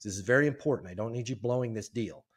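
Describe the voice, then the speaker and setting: A man's voice: medium pitch, fast, slightly rough, close to an everyday voice. A man quoting a stern, demanding sales boss. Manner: stern, giving orders.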